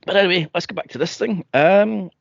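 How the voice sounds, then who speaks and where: Speaking fairly quickly, the Scottish podcast co-host spins a story in relaxed conversation, his slightly higher, creaky voice full of energy as he curses freely and cracks himself up. The sound is close-miked, dry, and muffled lo-fi, with no room sound.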